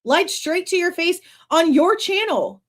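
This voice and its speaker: A woman's voice: very high voice, animated, a little slow. A woman hosting a true crime livestream, reading passages from a book aloud and breaking off into blunt, sarcastic commentary with swearing. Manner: reads quoted passages, then breaks off to comment.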